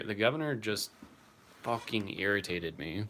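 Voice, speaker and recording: A man's voice: on the low side, steady tone, moderate pace, bright, forceful tone, a little hiss or hum. A young man casually chatting on a livestream, answering viewers by name and swearing now and then. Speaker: streamer reading live chat.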